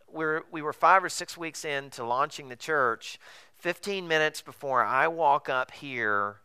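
A male pastor delivering a sermon in a conversational, animated way, full of rhetorical questions. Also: a little high, a little slow, clean tone.

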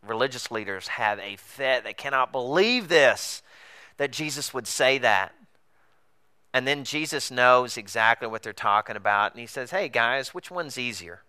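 A pastor preaching a sermon, telling a story with animated, acted-out dialogue. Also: male voice, moderate pace, smooth. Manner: animated storytelling, acts out dialogue with big pitch swings.

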